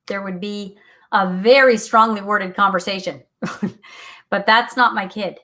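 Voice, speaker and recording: A woman's voice: medium pitch, steady tone, measured pace, pushed and bright. A middle-aged woman hosting a faith talk show, speaking earnestly and animatedly, often laughing, reading out listener comments. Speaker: radio show host.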